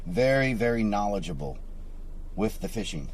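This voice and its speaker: A man's voice: on the low side, very animated, moderate pace, slight background noise. A man streaming live outdoors near water, chatting casually with his viewers.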